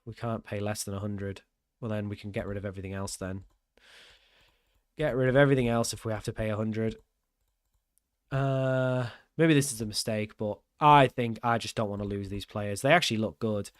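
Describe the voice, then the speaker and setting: A man's voice: on the low side, fairly even intonation, normal speed, dry recording, clean studio sound. A young man giving casual gameplay commentary, thinking aloud in a puzzled, self-mocking way as he works through his choices. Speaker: gaming channel host.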